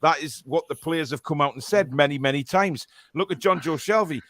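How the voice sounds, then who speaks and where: A man's voice: a little high, brisk, fairly bright tone. Chatty Geordie man hosting. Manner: chatty, rambling, many fillers and restarts. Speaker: fan show host. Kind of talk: casual live fan-show chat.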